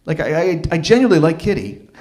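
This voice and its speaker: A man in his thirties telling a personal story at an open mic, animated and acting out what other people said. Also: fairly high pitch, quick pace. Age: 30s. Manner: animated, acts out quoted voices. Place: live open mic venue.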